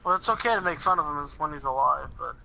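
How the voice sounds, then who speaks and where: Gravelly, bright-voiced man gamer. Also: a little high, expressive, fast talker, a little hiss or hum, low-quality recording. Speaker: co-player. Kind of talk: casual gaming chat.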